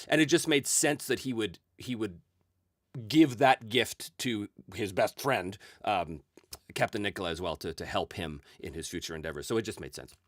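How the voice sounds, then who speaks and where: A man's voice: mid-range voice, bright, forceful tone, no echo, clean studio sound. A man hosting a solo tabletop role-play show, chatting casually as he reads out and answers viewer comments, chuckling often and using many fillers. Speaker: solo RPG show host answering chat.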